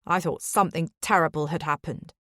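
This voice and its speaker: A woman's voice: deep voice, steady tone, a little fast, a bit bright, no room sound, clean studio sound. A woman doing a curt husband. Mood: dismissive. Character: brusque middle-aged husband, dismissive.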